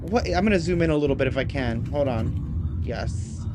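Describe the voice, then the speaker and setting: A YouTube host giving excited, casual commentary on videos, chatty and easily worked up, saying "y'all". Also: mid-range voice, moderate pace. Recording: noticeable background noise.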